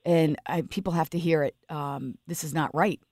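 A woman's voice: low-pitched, steady tone, moderate pace, a little mellow, no room sound, clean studio sound. A woman hosting a radio talk show, speaking sympathetically and emphatically, often restarting her sentences.

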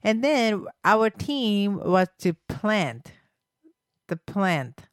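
A woman's voice: mid-range voice, very animated, extremely slow, no echo, clean studio sound. A woman co-hosting a casual chat show, a giggly, rambling storyteller with a nasal voice. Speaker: podcast co-host.

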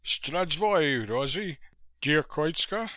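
A man doing a brisk Oxford-accented toff. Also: high voice, big pitch swings, bright, forceful tone, no echo, pitched above the performer's own voice, full character voice. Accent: faint Oxford. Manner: brisk, offhand. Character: weary, breezy upper-class man possessing another.

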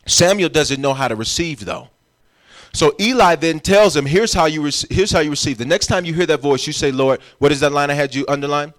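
Emphatic preaching man, slightly high voice. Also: a little fast. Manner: emphatic preaching, urging the congregation with "watch this". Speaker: pastor. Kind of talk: sermon. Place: church.

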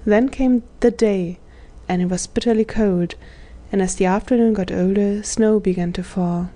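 A woman reading a children's story aloud as scripted narration, giving the characters gentle voices. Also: mid-range voice, steady tone, normal speed. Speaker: audiobook narrator.

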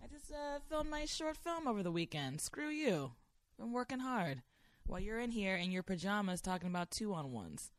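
A woman's voice: mid-range voice, very animated, moderate pace, no echo. A woman on a podcast at home, teasing and playfully scolding her partner in casual chat. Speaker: host's partner, co-host.

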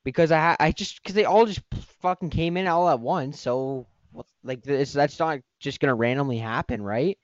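A man's voice: on the high side, moderate pace, few pauses, no echo, muffled recording. A man hosting a podcast, ranting in a heated, profane, rambling way. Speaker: podcast host. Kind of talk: casual podcast rant.

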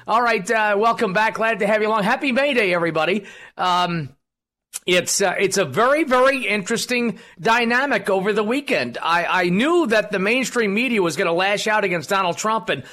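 A man's voice: sits high, animated, fairly quick, bright, forceful tone. A man hosting a political talk radio show, rambling and combative, with many fillers.

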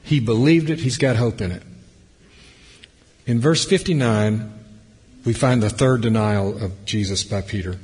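A man preaching a sermon, swinging between loud emphasis and hushed, near-whispered passages. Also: mid-range voice, a little slow, long pauses, breathy edge. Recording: long hall reverb.

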